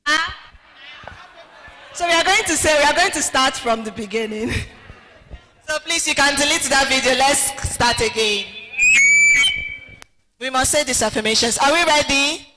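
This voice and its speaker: High bright woman hosting, echoey hall. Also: moderate pace, long pauses, a little hiss or hum. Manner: energetic and rousing. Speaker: event host. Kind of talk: leading affirmations and introducing speakers. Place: large conference hall. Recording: echoey hall with faint music.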